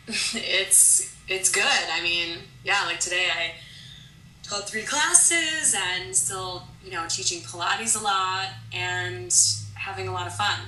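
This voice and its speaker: A woman's voice: on the low side, takes it slowly, sharp tone. A woman fitness instructor co-hosting a podcast in casual chat, giggly and upbeat, saying "like" often. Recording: roomy echo with faint noise.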